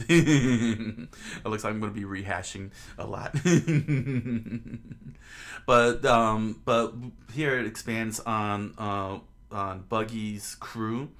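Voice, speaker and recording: A man with a fairly low voice talks through a comic in relaxed, offhand commentary. His speech halts often, filled with ums, uhs and repeated starts as he gathers his thoughts. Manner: halting, full of ums and restarts. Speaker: comic reader and reviewer. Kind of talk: casual commentary.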